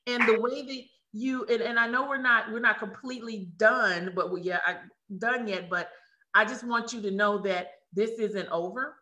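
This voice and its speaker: A woman hosting a live webinar over a video call, excited and effusive, with many restarts. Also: on the high side, moderate pace. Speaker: webinar host.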